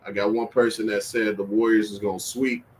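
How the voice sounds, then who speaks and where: A man hosting a casual sports-talk livestream, animated and slangy, laughing and trash-talking as he reacts to chat. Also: on the low side, brisk, a little hiss or hum, low-quality recording. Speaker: livestream host.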